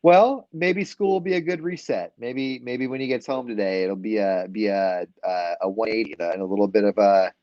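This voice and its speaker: A man's voice: lowish voice, moderate pace, few pauses, darkish tone, dry recording. Man co-host, mid-range voice, dry and muffled lo-fi sound, easygoing and supportive. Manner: easygoing and supportive, with some hesitant restarts. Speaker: live stream co-host. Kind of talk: casual morning show chat.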